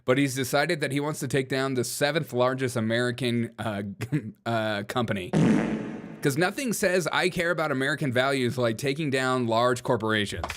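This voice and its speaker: Brief: male host of a political commentary show, joking, mocking tone, laughs a lot. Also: mid-range voice.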